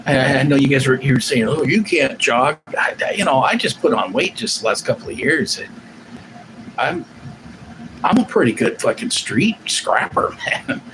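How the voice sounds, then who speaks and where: Animated profane man rambling on stream. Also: medium pitch, moderate pace, background noise. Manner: rambling, profane, restarts often. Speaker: live stream host. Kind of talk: casual live-stream chat.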